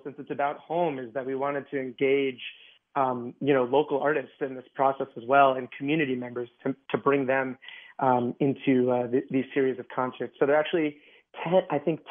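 A man at a mid pitch is chatting as a radio guest. He keeps it loose, with many fillers and restarts. The sound is thin and tinny, like a phone line. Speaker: orchestra guest. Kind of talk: casual radio interview.

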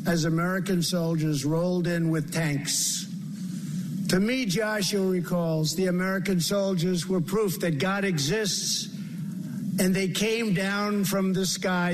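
A man's voice: high-pitched, a little hiss or hum. A man giving a formal speech, heard in a played clip. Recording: hall reverb with crowd ambience.

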